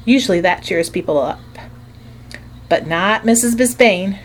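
Expressive woman narrating a storybook. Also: mid-range voice, a little slow, a little hiss or hum. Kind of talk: audiobook narration.

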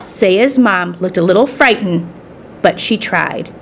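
A woman reading a children's story aloud in the first person, with expressive storytelling. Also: lowish voice, measured pace, a little hiss or hum. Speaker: storybook reader.

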